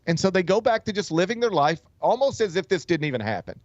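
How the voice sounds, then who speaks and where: A man's voice: sits high, sing-song, fast talker, no room sound, lo-fi sound. A male talk show host telling a story in a casual, rambling way, with many fillers and restarts. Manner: loose, rambling delivery full of "like" and "um", with frequent restarts. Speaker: sports radio host.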